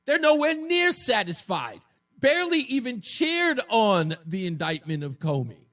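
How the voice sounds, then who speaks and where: A male talk radio host with a high, lively voice that leaps around in pitch. He mocks and taunts his opponents, rising to shouts and dropping to low jeers. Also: a little slow. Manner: mocking, combative, swings between shouting and low taunts. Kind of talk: opinionated political talk radio monologue.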